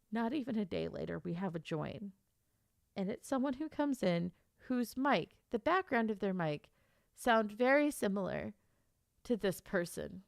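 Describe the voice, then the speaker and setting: A young American woman streamer telling a gossipy story in casual chat, animated and full of exaggerated quoted asides. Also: medium pitch, creaky, no room sound, clean studio sound.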